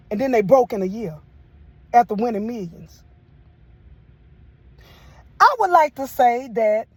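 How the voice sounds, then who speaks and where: A woman's voice: fairly high pitch, darkish tone. A woman reviewing a show in casual, sermon-like talk, emotional and full of church phrases. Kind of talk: casual preachy commentary.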